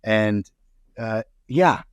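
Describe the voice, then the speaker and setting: A man's voice: on the low side, expressive, very slow, clean tone, no echo. A man chatting as a podcast guest, telling long rambling stories full of fillers and restarts. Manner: rambling storyteller, many fillers. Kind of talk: casual chat.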